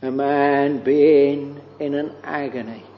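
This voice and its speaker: A man preaching a devotional sermon, very slow and halting, with long pauses and soft trailing phrases. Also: mid-range voice, steady tone, slight background noise. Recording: dull lo-fi recording with long hall reverb.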